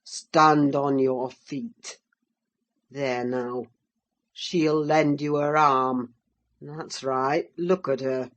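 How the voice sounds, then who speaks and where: A woman voicing a harsh, menacing middle-aged man who scolds his frail son with gruff scorn, in an audiobook reading. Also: rumbling low, fairly even intonation, very slow, voice pushed down, full character voice. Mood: menacing, scornful. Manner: gruff, scornful, growls then bursts into shouts.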